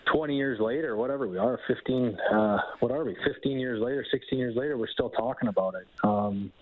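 A man in his thirties tells hockey stories over a tinny phone line. He sounds animated and chatty, with a mid-range voice. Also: medium pitch, brisk. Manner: animated, laughing storyteller. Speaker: guest, hockey scout. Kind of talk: phone-in interview, casual storytelling.

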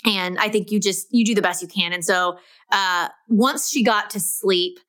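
A woman's voice: mid-range voice, normal speed, a bit bright, clean tone. A young woman hosting a podcast, chatting casually and laughing often, with many fillers. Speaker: podcast host. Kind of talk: casual chat.

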